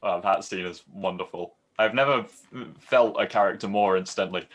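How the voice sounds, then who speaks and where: A man, a podcast guest, chatting in a relaxed, self-deprecating way with casual swearing. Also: deep voice, normal speed.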